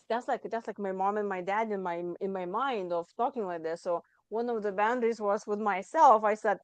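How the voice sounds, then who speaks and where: A woman hosting a podcast interview, talking in a reflective, casual way with halting restarts. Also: medium pitch, clear, resonant tone, no room sound. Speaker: podcast host.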